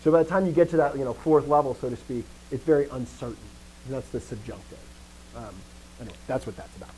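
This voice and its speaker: A man's voice: mid-range voice, fast, a little hiss or hum, rough recording. A man teaching a live grammar lesson, asking the class questions and restarting his sentences as he thinks. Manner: lively, asks questions and answers himself.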